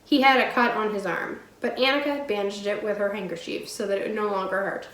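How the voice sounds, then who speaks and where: A woman teacher reading a storybook aloud in a clear, steady storytelling voice. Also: mid-range voice, a little fast, roomy sound, rough recording.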